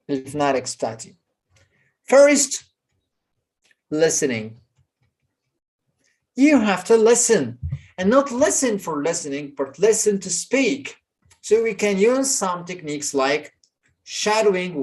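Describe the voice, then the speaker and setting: A pronunciation teacher with an Egyptian accent, giving a recorded lesson and explaining each point in English and then again in Arabic. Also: medium pitch.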